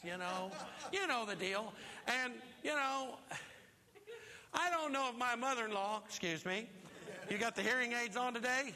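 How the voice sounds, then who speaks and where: High, bright-voiced preacher in a big hall. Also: male voice, normal speed. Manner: animated storytelling, acts out voices. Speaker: pastor. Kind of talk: sermon. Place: church. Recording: long reverb of a large hall.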